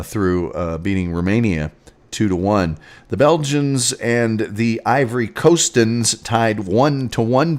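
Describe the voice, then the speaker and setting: A man hosting a casual sports show, rambling through scores with sarcastic asides. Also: fairly low pitch. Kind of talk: casual sports commentary and rants.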